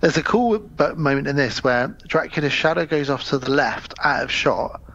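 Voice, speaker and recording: A man's voice: a little high, moderate pace, slight background noise. A man co-hosting a podcast, chatting about films casually and acting out scenes in voices. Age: adult with wife and in-laws. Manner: animated, acts out scenes in voices, laughs often. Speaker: podcast co-host. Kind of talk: casual film review chat. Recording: dull, dry lo-fi sound.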